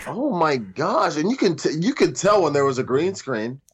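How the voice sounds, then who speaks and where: A man reviewing a movie in casual chat, blunt and slangy, with quick asides. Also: a little high, big pitch swings, slightly rough.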